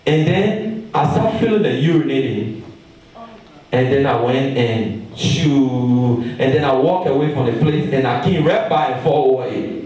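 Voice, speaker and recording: A man preaching a storytelling sermon, animated and calling out to his congregation from the pulpit. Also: mid-range voice. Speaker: pastor. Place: large church hall. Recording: echoey hall, mic far off.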